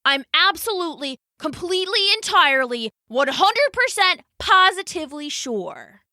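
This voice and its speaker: Haughty storybook fly king, male, scoffing and bossy, bright high voice, played by a woman. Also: big pitch swings, moderate pace, dry recording, studio quality, full character voice. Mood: haughty grumpy. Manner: imperious, scoffing. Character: grumpy proud male fly king of castle.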